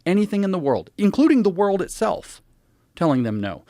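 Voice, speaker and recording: Podcast guest, male, emphatic, animated explainer, close dry studio mic. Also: sits high, brisk, no echo. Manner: emphatic, animated, cites sources. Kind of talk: conversational explanation.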